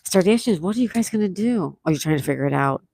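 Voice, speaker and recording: A woman's voice: on the low side, expressive, fast talker, vocal fry, warm tone, dry recording, rough recording. A retired woman in her sixties hosting a casual livestream, reading viewers' comments aloud and chatting back. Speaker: livestream host.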